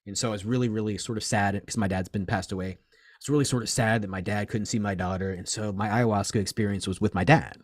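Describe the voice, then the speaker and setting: Man in his forties, low voice, dry sound, rambling swearing storyteller in an interview. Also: fast talker, dry recording. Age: 40s. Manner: rambling, animated, swears often, acts out quoted voices. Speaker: crystal and reiki shop owner, guest. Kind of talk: casual interview chat.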